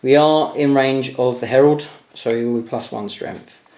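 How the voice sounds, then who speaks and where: A man's voice: mid-range voice, fairly even intonation, normal speed, darkish tone. A man talking viewers through his tabletop wargame dice rolls, addressing them as guys. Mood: eager. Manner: talks to viewers as guys, hopeful and tense over rolls. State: tired late at night. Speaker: wargame player and channel host. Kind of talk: excited dice-rolling commentary to viewers.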